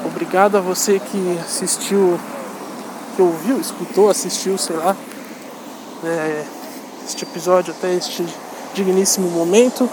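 A man's voice: high voice, steady tone, moderate pace, long pauses, noisy background. A man with a Brazilian Portuguese accent, hosting a channel and closing an episode in a laid-back, rambling way with profane teasing. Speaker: channel host. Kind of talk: casual outro to viewers.

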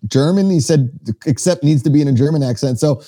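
Mellow-voiced man riffing deadpan. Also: a little high, brisk. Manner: deadpan, rambling absurd bits. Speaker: podcast co-host. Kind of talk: casual comedic chat.

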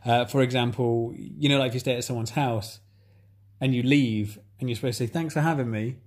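A man in casual chat, talking in a flat, hesitant, self-reflective way with many pauses and fillers. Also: mid-range voice.

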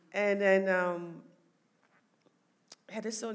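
A woman's voice: mid-range voice, slow pace, long pauses. A woman telling a family story in casual conversation, laughing often and voicing the people she quotes. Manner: animated, laughs often, quotes others in raised voice.

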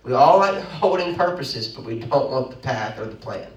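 A young man, the pastor, preaching an animated sermon with sudden loud bursts and quick asides, recorded in a church. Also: mid-range voice. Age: young adult. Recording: roomy echo, mic at a distance.

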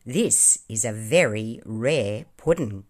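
A woman voicing a rough-and-ready male sailor with hearty, blunt, slangy talk. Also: very deep voice, lively intonation, takes it slowly, a little mellow, full character voice. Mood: proud.

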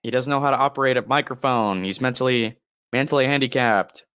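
A young man co-hosting a crude comedy podcast, rambling and joking with deadpan asides. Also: medium pitch, brisk, smooth, no echo. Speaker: podcast co-host.

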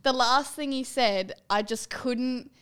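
A woman's voice: high-pitched, takes it slowly, fairly bright tone, clear, resonant tone. Giggly young woman podcast co-host. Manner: giggly, laughs often mid-story. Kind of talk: casual chat.

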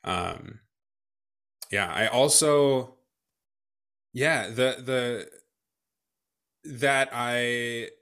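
A young man, a guest in a casual interview, speaking in a hesitant, good-humored way with frequent pauses and restarts. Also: medium pitch, a bit bright, smooth. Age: young adult. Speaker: guest, new father.

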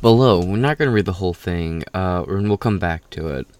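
A man's voice: sits low, fairly quick, darkish tone, dry recording. A tired man hosting casual political commentary, reading an article aloud with rambling, profane, sarcastic asides.

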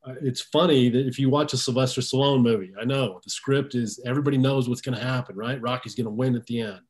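A man's voice: mid-range voice, steady tone, quick pace, darkish tone. Conversational man hosting a podcast. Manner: conversational, repeats words while thinking aloud. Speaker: podcast host. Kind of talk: casual podcast chat.

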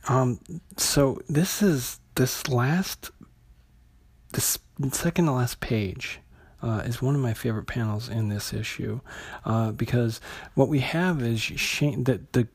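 Man for a comic review vlog: husky voice, halting delivery with lots of ums and restarts. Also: medium pitch. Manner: hesitant, many fillers and restarts. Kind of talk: casual spoken review.

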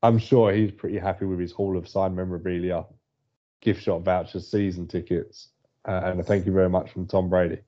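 A brisk man with a low, dark-toned voice and little pitch movement co-hosts a casual sports podcast. He tells chatty stories and laughs often. The lo-fi recording sounds dull.

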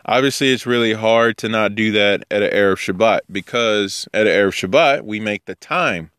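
Smooth-voiced man teaching casually. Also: lowish voice, normal speed, fairly bright tone, dry recording, studio quality. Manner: conversational, digressive, acts out quoted speakers. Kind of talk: informal Bible teaching.

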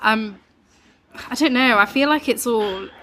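A woman's voice: a little high, a little slow, fairly bright tone, slight background noise. A young woman, a guest chatting casually on a podcast, laughing often and acting out quoted voices. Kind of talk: casual conversation.

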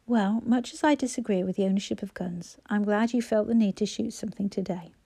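A woman's voice: mid-range voice, a little fast, creaky, dark tone, breathy edge, no echo. A woman voicing a proud young mother who speaks politely but tartly. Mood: prim.

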